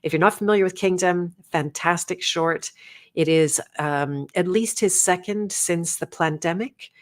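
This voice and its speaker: A woman's voice: fairly low pitch, a little slow. A middle-aged woman hosting a livestream and coaching, chatting casually and rambling with frequent self-corrections.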